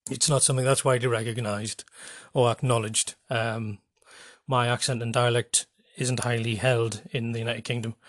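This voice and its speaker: A man with a North East English accent hosting a podcast, rambling with many pauses and restarts. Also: medium pitch, little pitch movement, no echo, clean studio sound. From North East England. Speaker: podcast host. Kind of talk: casual monologue with a dialect reading.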